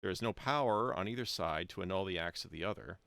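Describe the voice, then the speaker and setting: A man's voice: sits low, quick pace, creaky, fairly bright tone, clean tone, no room sound. An American man hosting a livestream, talking casually and at length, often correcting himself and chuckling. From United States. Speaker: livestream host reading and discussing historical texts.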